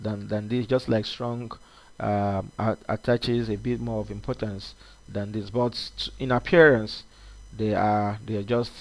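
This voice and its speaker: A man teaching a coding lesson at his computer, talking loosely with many fillers and restarts. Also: mid-range voice. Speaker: coding instructor. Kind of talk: screen-recorded coding tutorial.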